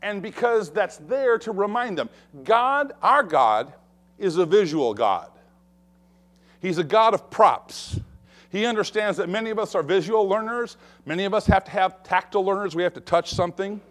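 A man preaching a sermon in an expressive way, acting out the voices he quotes. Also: high voice, normal speed. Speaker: pastor.

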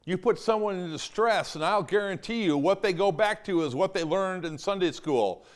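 A male pastor preaching a sermon, emphatic and animated, acting out the quotes he tells. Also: sits high, moderate pace, few pauses.

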